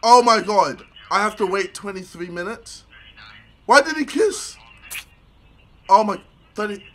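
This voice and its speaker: A young British man commentating on a video game, crude, loud and laughing, with sudden shouted outbursts. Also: sits high, expressive, measured pace, a little hiss or hum, poor audio. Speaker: gaming YouTuber. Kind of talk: gameplay commentary.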